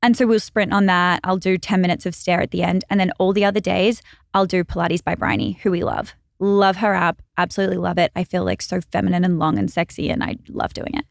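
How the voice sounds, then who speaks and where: Chatty Australian woman, lower voice. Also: fairly even intonation, vocal fry, dry recording, studio quality. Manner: chatty, storytelling, quick asides. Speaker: guest, brand founder. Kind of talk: casual chat. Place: podcast studio.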